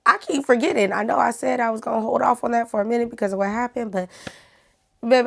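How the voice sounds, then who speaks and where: Woman vlogger, chatty storyteller talking straight to her audience, mid-pitched voice. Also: vocal fry. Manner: chatty, talks straight to viewers. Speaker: YouTuber. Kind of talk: casual storytime vlog.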